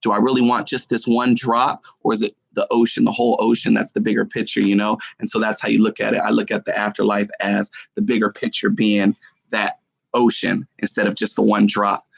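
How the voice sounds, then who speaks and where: A middle-aged man chats on his live stream in a gravelly, creaky voice, pouring out personal memories with open feeling. The sound is dry and close, with no room echo. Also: lowish voice, little pitch movement, brisk. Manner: emotional, heartfelt storytelling. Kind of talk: casual live-stream chat.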